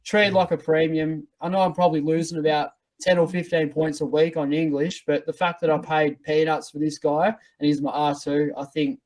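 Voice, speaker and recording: A man with an Australian accent, chatting casually as a podcast co-host in a relaxed way. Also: a little high, normal speed, few pauses, low-quality recording. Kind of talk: casual chat.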